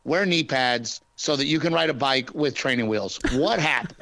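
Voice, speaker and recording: A male stand-up comedian from Texas, chatting casually and joking in an interview, with quick restarts. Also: mid-range voice, animated, vocal fry, bright, forceful tone, no echo.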